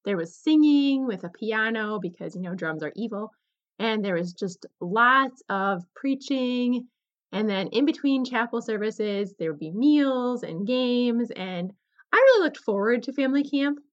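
A young adult woman hosting a podcast, telling a personal story in an animated, candid way. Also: fairly high pitch, unhurried. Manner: animated, candid, slips into quoted voices. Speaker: podcast host. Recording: slightly dull lo-fi recording.

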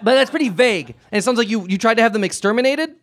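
A man's voice: very high voice, animated, rapid-fire, a bit bright. A man playing a stammering talk-show host. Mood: flustered. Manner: stammering restarts, patient and coaxing. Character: flustered, earnest male talk-show host. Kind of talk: improvised comedy. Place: stage before a live audience.

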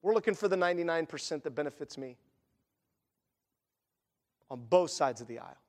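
A man's voice: on the high side, lively intonation, brisk, a little mellow, long reverb tail. A man preaching a sermon as pastor, in a conversational style with asides and acted quotes.

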